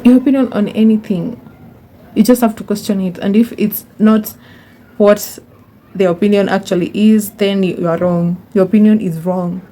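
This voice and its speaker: Young woman, vlog host, warm mellow tone, chatty and repetitive, mid pitch. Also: fairly even intonation, moderate pace, a little hiss or hum. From Kenya. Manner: chatty, repeats words for emphasis, calls viewers honey. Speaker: YouTuber. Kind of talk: casual advice monologue.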